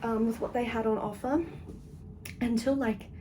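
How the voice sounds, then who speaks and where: A young woman with an Australian accent talks through her day in a relaxed, chatty vlog, giggling often. Her tone is soft and mellow. A faint ambience hums behind her in the hotel room. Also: a little high, normal speed, slight background noise, rough recording. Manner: chatty, giggly, many ums and likes. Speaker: book vlogger. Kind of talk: casual vlog chat.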